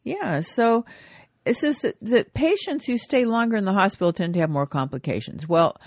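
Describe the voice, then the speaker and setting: A woman's voice: mid-range voice, animated, normal speed, darkish tone, dry recording, clean studio sound. A woman, a nurse, co-hosting a radio health talk show and steering the talk with questions.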